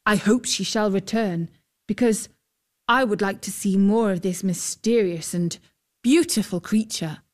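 A man's voice: sits high, unhurried. Storybook knight, young, brave, formal and courtly, woman reads him.

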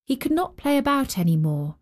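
A woman hosting a storytelling show, reading a children's story in a slow, expressive narration. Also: high voice. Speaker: storyteller host. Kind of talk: scripted narration.

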